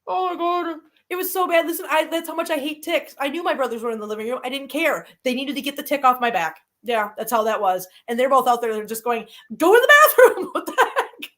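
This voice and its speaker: A woman with a slightly high voice hosts a live stream, chatting casually with her viewers. She tells stories animatedly, dropping into low grumbles of disgust and jumping up into high squeals. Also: quick pace, fairly bright tone.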